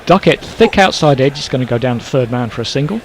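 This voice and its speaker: A man's voice: medium pitch, expressive, a little hiss or hum, poor audio. A man from Northern Ireland with a Northern Irish accent, commentating ball by ball on a cricket match and trading dry jokes between deliveries. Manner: brisk play-calling mixed with dry jokes. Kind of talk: live cricket commentary with banter.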